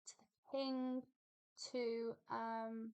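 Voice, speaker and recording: A woman's voice: fairly high pitch, flat delivery, drawn-out words, a little mellow, smooth, dull audio. A woman teaching a poetry lesson, explaining patiently and thinking aloud with fillers and repeated phrases. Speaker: English literature teacher.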